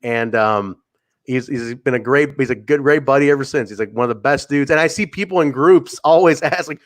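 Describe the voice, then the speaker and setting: A man from the American Midwest hosting a wrestling podcast, joking in sarcastic, animated banter with his co-hosts. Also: mid-range voice, a little fast. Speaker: podcast host. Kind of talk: casual wrestling podcast chat.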